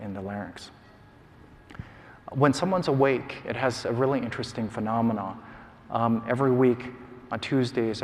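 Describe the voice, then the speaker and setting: A man's voice: mid-range voice, a little mellow, a little hiss or hum. Man lecturing in a reverberant hall. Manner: measured, explanatory, with frequent ums and uhs. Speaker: neuroscientist giving a prize lecture. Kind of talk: academic lecture. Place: large conference hall.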